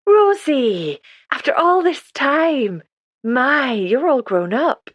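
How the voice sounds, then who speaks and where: A woman's voice: mid-range voice, expressive, moderate pace, no room sound, lightly acted. A woman voicing a sprightly elderly retired midwife with a faint Scottish accent, motherly and gushing, in an audiobook reading. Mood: warm. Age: older.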